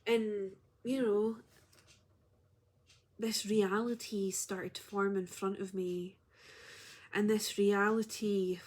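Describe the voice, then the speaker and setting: A woman's voice: mid-range voice, slow, darkish tone. A woman who works as a spiritual healer tells a personal story in a heartfelt, reflective way on her vlog.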